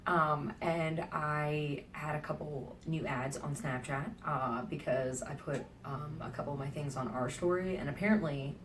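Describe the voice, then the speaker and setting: A woman vlogging from a hotel room, telling her travel stories in a chatty, animated way, with whispered asides now and then. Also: low voice, unhurried, few pauses, far from the mic, a little hiss or hum. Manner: chatty, animated, acts out quoted lines, drops into whispered asides. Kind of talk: casual travel vlog storytelling.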